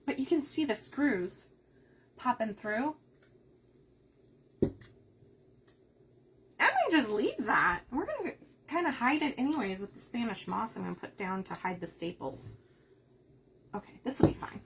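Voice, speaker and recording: A talkative woman from the Upper Midwest chats her way through a craft project on a livestream. Her fairly high voice swings up and down a lot, and she laughs often. A faint hiss sits under her voice. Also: sing-song, moderate pace, long pauses, a bit bright. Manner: chatty, laughs often, reads viewer comments aloud. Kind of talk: casual chat while crafting.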